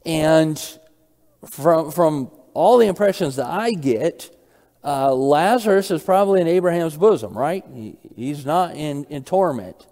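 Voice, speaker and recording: A man's voice: a little high, expressive, measured pace, mellow, in a large hall. A man preaching a Bible study sermon. He asks his listeners questions, repeats key phrases and reads verses aloud.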